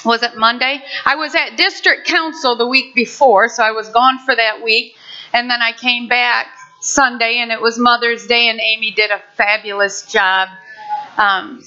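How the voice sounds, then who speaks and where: A woman's voice: a little high, bright, forceful tone. An older woman pastor giving a heartfelt, conversational sermon with many restarts. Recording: muffled lo-fi recording.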